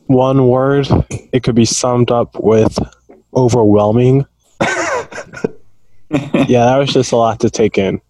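A man's voice: medium pitch, fairly even intonation, takes it slowly, long pauses, warm tone, dry recording, poor audio. A man speaking as a podcast guest, hesitant at first and then teasing drily. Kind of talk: casual podcast chat.

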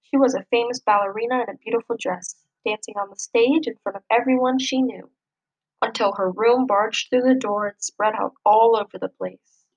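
Woman reading a kids' picture book out loud, lively and expressive, voice on the higher side. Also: normal speed, dull audio. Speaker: storybook reader. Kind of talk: children's story read-aloud.

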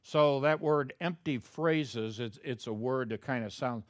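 Pastor preaching in a dry close sound. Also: male voice, mid-range voice, a little slow, dry recording. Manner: conversational preaching, rising to loud emphatic peaks. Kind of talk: sermon.

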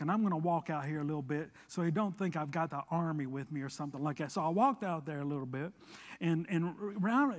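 A man preaching a sermon in a church, moving from emphatic declarations to a relaxed personal story told with quoted dialogue. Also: fairly high pitch, big-room sound. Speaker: pastor.

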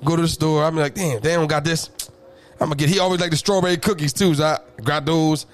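Man, high-pitched voice, animated casual storytelling, loud bursts and low mutters, frequent laughs. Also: fast talker, soft background music. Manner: laughs often while telling stories. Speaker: podcast co-host.

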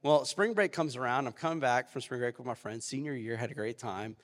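A young man preaching a sermon as pastor, telling a personal story in a lively, animated way. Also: medium pitch, brisk. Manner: storytelling, animated, acts out quoted voices. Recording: reverberant church hall.

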